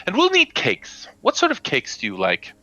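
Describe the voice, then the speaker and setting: A man voicing a nervous, fussy noblewoman who chatters in a high, flustered voice. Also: huge pitch swings, normal speed, pushed and bright, heavily acted, rough recording.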